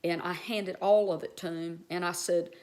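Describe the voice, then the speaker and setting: Low-voiced woman telling a heartfelt story. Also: fairly even intonation, moderate pace, a little mellow. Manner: heartfelt, rambling, addresses viewers directly. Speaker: vlogger. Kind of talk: casual personal storytelling.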